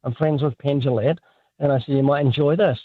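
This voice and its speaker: A man with a New Zealand accent, a guest author telling lively, joking stories in a radio interview over the phone. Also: mid-range voice, brisk, breathy edge, no room sound. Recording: tinny phone line.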